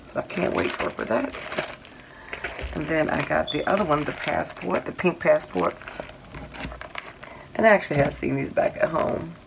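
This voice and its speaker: A woman's voice: deep voice, normal speed, creaky, pauses often, heavy background noise. A middle-aged woman hosting a casual crafting haul vlog, chatting in a rambling way and listing her finds with lots of fillers. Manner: chatty, rambling, lists items with many fillers. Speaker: crafting channel host.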